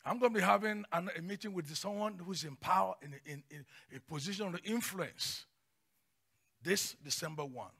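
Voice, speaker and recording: Man preaching hard, gravelly and high, drops to a hush then shouts. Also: moderate pace. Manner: passionate, swings from hushed to shouting. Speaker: pastor. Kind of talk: sermon.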